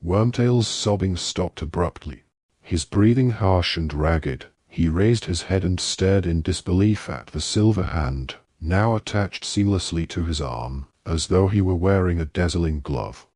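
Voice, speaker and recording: Low voiced guy reading a fantasy audiobook, slightly husky, dry close sound. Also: animated, measured pace, a little mellow, no room sound. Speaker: audiobook narrator. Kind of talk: scripted narration.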